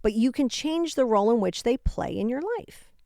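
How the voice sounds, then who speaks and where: Woman podcast host, chatty self-help advice, acts out what people say, a bit high voice, dry close mic. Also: moderate pace, gravelly, dry recording. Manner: animated, acts out quoted exchanges, frequent asides. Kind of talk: casual self-help talk.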